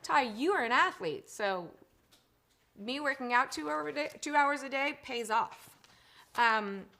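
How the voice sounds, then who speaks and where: Bright-voiced chatty woman host. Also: high-pitched, measured pace, gravelly. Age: 40s. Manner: chatty, reads out viewer comments; wide swings between animated and hushed. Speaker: live stream host. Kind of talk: casual live stream chat.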